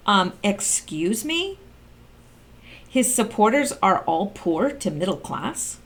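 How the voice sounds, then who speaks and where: A middle-aged woman talks through documents in a casual commentary, breaking off to react with sarcastic "wow"s and asides. Her pitch sits in an ordinary middle range for a woman, and she often stretches out key words. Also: big pitch swings, slow pace. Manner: sarcastic, exclaims and reacts while reading figures. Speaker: political commentary vlogger.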